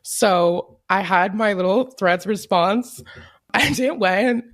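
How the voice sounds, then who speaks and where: A young woman telling stories as an interview guest in casual chat, animated, laughing often and swearing freely. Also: mid-range voice, slow. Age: young adult.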